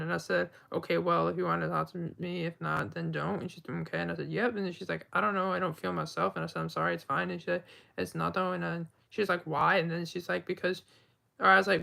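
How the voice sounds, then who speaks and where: A man's voice: high voice, vocal fry, bright, forceful tone. A man on a livestream, rambling through a retelling of text chats with "and I was like.".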